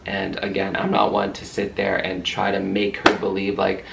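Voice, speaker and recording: A man's voice: sits low, completely flat delivery, normal speed, vocal fry, fairly bright tone, slight background noise. A man vlogger telling a story to camera in a heated, profane way.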